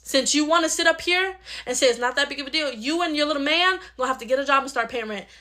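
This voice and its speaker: A woman's voice: high-pitched, fast. A woman playing a blunt adult uncle who is a lawyer, lecturing and reasoning in a home-video skit. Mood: scolding. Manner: lecturing, scolding, then gently reasoning. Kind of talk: comedy skit role-play.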